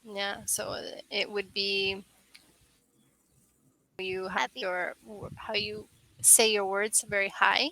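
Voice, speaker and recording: A woman teaching over a video call, speaking slowly with a gravelly fry. Her tone is bright and crisp. She explains patiently and keeps checking that her student follows. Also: medium pitch, level tone, rough recording. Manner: patient, slow and clear, checks with "right?". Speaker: English tutor. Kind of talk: online English lesson.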